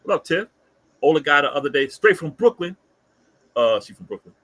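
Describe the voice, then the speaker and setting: A man in his fifties with a Bronx New York accent, co-hosting a casual chat and telling stories in an animated way, full of street slang. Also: a little high, a little fast. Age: 50s. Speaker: co-host.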